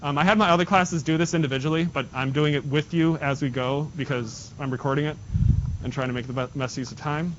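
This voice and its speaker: A male math teacher, his voice on the high side and steady in tone, moves briskly through problems with his students step by step. He adds jokey asides throughout this classroom lesson, heard on a dull lo-fi recording with faint hiss.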